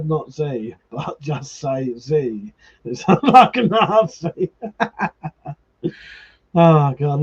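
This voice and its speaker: A man hosts a casual live stream, swearing freely and laughing as he stirs up his viewers. His voice is a little husky and sits fairly high, and the audio sounds slightly muffled. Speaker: livestream host.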